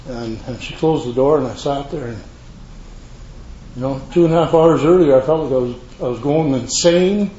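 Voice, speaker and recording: At a moderate pace and medium pitch, with a dark tone, an older man gives personal testimony to a recovery meeting audience. He rambles earnestly, dropping folksy asides, while the meeting room's echo and a faint hiss color the dull, lo-fi recording.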